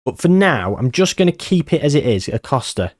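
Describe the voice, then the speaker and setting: A man giving excitable, nervous live commentary on a game he is playing. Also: on the high side, fairly quick. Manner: excitable, nervous, reacting loudly to match moments. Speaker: gaming channel host.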